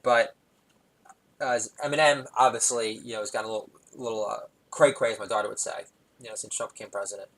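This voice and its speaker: Rambling New comedian, laughing along. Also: male voice, lowish voice, steady tone, fast talker, fairly bright tone, low-quality recording. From New York. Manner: rambling, digressive, laughs at own jokes. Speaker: comedy podcast host. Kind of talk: stand-up style monologue.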